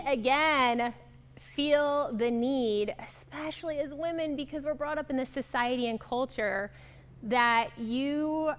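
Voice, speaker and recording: Woman, workshop facilitator, fairly high voice, encouraging, affirming. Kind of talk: interactive workshop talk.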